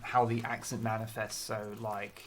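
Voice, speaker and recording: Measured man, thoughtful co-streamer. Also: on the low side, monotone, crowd noise. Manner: measured, thoughtful, hesitant with fillers. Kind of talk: casual chat on a game livestream.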